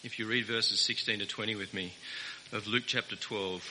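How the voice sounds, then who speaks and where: A man's voice: lowish voice, fairly even intonation, normal speed, sharp tone. A man preaching a sermon as pastor, earnest and emphatic, repeating key words for weight. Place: church. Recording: reverberant church hall with faint hiss.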